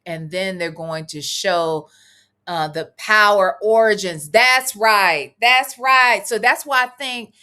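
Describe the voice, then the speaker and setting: A woman with a bright, forceful voice that swoops up and down as she talks, speaking. She chats loosely on a live reaction stream, reads viewer comments aloud and drifts between topics. Her tone stays casual, she swears freely, and she laughs as she goes. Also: mid-range voice. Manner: chatty, wandering, swearing freely, laughing asides. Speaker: commentary vlogger reading live chat.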